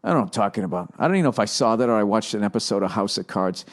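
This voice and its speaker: A man's voice: lowish voice, animated, very fast. Grumpy profane man ranting on a podcast. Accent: Boston. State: mentally exhausted. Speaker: podcast host. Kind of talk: rambling comedic monologue.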